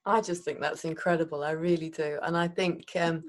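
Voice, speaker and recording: A woman's voice: deep voice, steady tone, brisk. A woman hosting a conversational podcast, encouraging and admiring of her guest. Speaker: podcast host.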